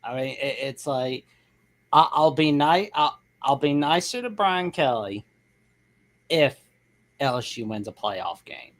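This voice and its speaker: A man's voice: mid-range voice, expressive, unhurried, fairly bright tone. A man co-hosting a sports call-in show, chatting casually with blunt, short remarks. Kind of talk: casual chat.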